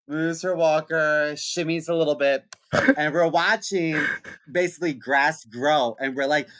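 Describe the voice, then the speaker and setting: A young man co-hosting a podcast, telling a funny family story in a casual, animated way and laughing as he goes. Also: a little high, slow, rough recording. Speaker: podcast co-host.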